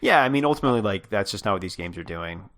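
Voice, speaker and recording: Brief: low-pitched male podcast co-host, halting casual talk, fillers, chuckles. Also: animated, fairly bright tone. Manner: hesitant, many fillers and restarts, laughs mid-sentence. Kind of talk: casual chat.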